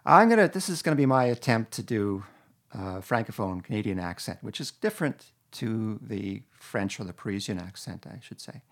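A man talking casually in a vlog, answering questions and slowly reading out a word list with a wry, relaxed manner. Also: on the low side, creaky. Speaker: vlogger. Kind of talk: casual accent-tag monologue.

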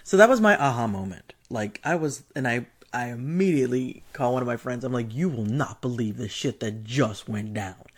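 A man recounts a personal anecdote in a loose, chatty way. He acts out the other people's lines, laughs often and swears freely. His voice sits at an ordinary middle pitch. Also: normal speed, few pauses, husky. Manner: animated, laughing, swearing, acting out quoted voices. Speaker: storyteller. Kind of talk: casual anecdote.

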